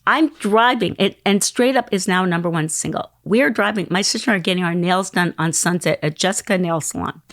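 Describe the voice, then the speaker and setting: Animated woman telling a story, dry close sound. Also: fairly low pitch, fairly quick, hardly any pauses, dry recording. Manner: animated, acts out quoted voices. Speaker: guest. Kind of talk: storytelling in a podcast interview.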